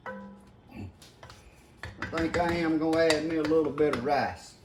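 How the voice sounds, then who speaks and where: A slightly high, steady voice comes from an older man who speaks a little slowly, over a noisy background. He's a home cook giving a relaxed demonstration in his kitchen, talking folksily to his "guys" as he works, with faint sizzling and clattering pots.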